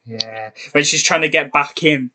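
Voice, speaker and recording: A man co-hosting a podcast in casual chat, agreeable and quick to laugh. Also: on the high side, sharp tone. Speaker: podcast co-host.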